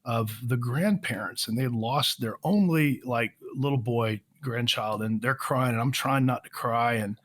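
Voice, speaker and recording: A man's voice: medium pitch, a little slow, few pauses, a bit bright. Chatty middle-aged man telling stories. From Florida. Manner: chatty, self-deprecating, many fillers and restarts. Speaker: podcast guest, trial lawyer. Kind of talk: relaxed conversational storytelling.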